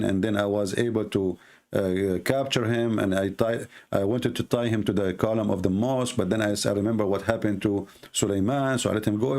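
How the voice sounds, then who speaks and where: Hosting a live debate show, this Arabic-accented man, whose native tongue is Arabic, makes his case with emphasis. He repeats phrases and slows down for stress, in a fairly low-pitched voice with a darkish tone.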